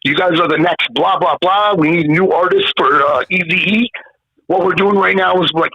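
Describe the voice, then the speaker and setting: A man of about fifty from Canada tells his story in a high, bright, forceful voice, cursing at every turn and acting out the other people in it. The sound is dry and a little dull, like a lo-fi recording. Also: no echo. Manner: swearing, animated, acts out the people in his story. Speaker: guest. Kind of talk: casual storytelling interview.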